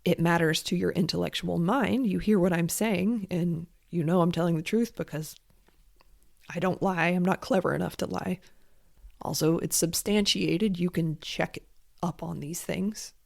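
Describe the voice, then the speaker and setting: A woman's voice: on the low side, moderate pace, vocal fry, darkish tone. A woman hosting a solo podcast, talking frankly and casually with lots of fillers and restarts. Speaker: podcast host and creative coach.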